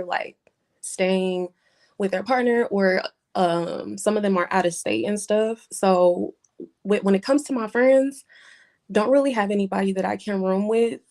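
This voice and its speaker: A hesitant young woman with a gravelly edge. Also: mid-range voice, a little mellow. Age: 20s. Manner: hesitant, halting, many ums and pauses. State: holding back tears. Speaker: caller seeking advice. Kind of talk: emotional personal call-in.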